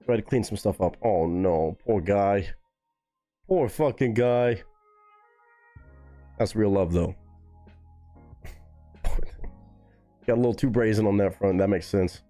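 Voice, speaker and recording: A man's voice: slow, pauses often, faint music behind. A man hosting a casual live stream, chatting with viewers and swearing freely. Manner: animated, swearing, jumps to high pitch when surprised. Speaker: livestream host reacting to music.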